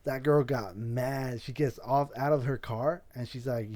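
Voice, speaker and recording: Rambling, cursing young podcast host. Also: male voice, mid-range voice, normal speed, hardly any pauses, a little mellow. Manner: rambling, swears a lot, restarts often. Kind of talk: casual storytelling chat.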